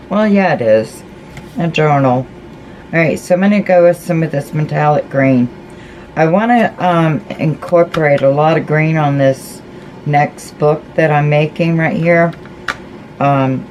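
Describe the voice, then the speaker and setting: A crafting vlogger with a low voice speaks slowly and folksily while painting, chatting to her viewers and muttering to herself between steps of this casual tutorial. Faint room noise lies beneath her voice, which is a little mellow, and the recording quality is low.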